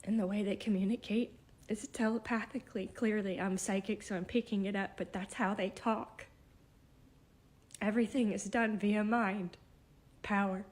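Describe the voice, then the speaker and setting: Teary psychic lady half whispering, shaky and halting, voice wobbling. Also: medium pitch, fairly even intonation, darkish tone. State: emotional, tearful. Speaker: self-described psychic. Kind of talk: emotional spiritual vlog.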